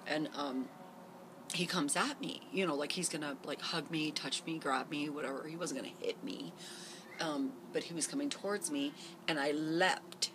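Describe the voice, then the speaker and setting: In a garden recording with background noise, a middle-aged vlogger talks at normal speed in a low-pitched voice. Her long personal story to camera wanders candidly and is packed with fillers.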